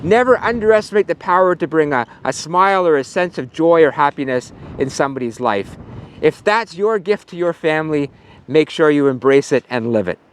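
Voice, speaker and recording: A man's voice: a little high, lively intonation, brisk. A male pastor giving a casual sermon outdoors at a farm, telling a story with some fillers.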